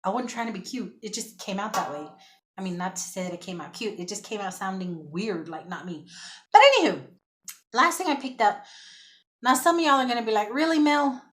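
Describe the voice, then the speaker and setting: A woman chatting casually to the camera as she shows off a thrift haul, excitable and talkative, calling her viewers y'all. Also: mid-range voice, fairly quick.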